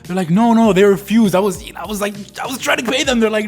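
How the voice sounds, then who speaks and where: A Canadian travel vlogger in his early twenties narrates a travel story in a laid-back, slangy voice-over. His voice is high, fast, and a little mellow, and faint music plays in the background.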